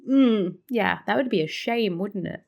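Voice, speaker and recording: A woman hosting a reaction video, exclaiming, swearing and laughing through quick asides. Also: mid-range voice, expressive, creaky, a little mellow. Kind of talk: casual reaction commentary.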